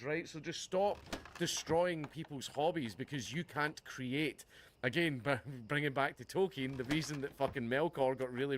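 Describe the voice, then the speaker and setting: A livestream host delivering a heated, profane, sarcastic reaction rant. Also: male voice, mid-range voice. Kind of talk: ranting reaction commentary. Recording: noticeable background noise.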